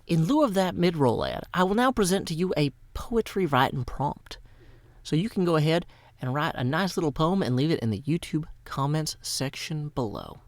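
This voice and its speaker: Recorded dry, this Minecraft YouTuber from Tennessee has a high-leaning, animated voice and talks at a moderate pace. He keeps up wordy, playful commentary on his game, punctuated by dramatic asides.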